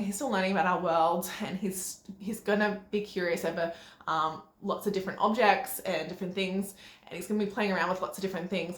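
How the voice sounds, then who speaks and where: Chatty young woman in an echoey room. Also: medium pitch. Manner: chatty, with frequent ums and little laughs. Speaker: parenting vlogger. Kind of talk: casual advice talk to camera.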